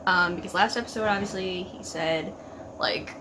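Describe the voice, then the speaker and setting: A woman's voice: mid-range voice, normal speed, background noise. A young woman chatting emotionally about a TV episode, filling her talk with "like" and talking back at the screen. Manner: gushing, filler-heavy, talks back at the screen. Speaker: TV reaction vlogger. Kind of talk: casual emotional reaction chat.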